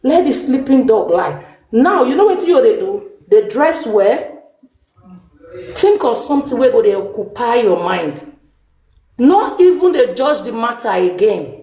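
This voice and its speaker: A woman's voice: fairly high pitch, very animated, measured pace, warm tone, roomy sound, low-quality recording. A woman with a Nigerian Pidgin accent giving earnest, pleading, sisterly advice as a guest on a live stream. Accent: Nigerian Pidgin English.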